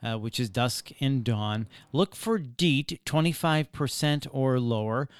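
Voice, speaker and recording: Smooth-voiced male interview host. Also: medium pitch, expressive, unhurried, no room sound, studio quality. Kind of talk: interview questions and recaps.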